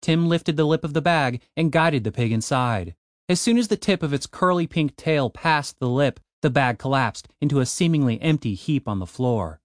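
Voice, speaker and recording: Brief: male audiobook narrator, animated intonation, dry close recording. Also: a little high, normal speed, no room sound.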